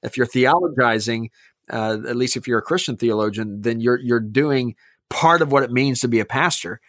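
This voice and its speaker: An earnest man, a pastor, talking things through in a podcast chat, pressing his points with emphasis. His voice sits at an ordinary middle pitch. The recording is dry and close, with no room sound. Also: moderate pace, a bit bright, no echo. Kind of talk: podcast conversation.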